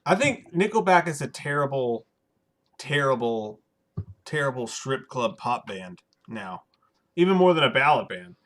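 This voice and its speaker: A man's voice: mid-range voice, sing-song, unhurried, fairly bright tone. A man co-hosting a casual movie podcast, joking and teasing his partner. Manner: joking, teasing, laughs often. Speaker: co-host.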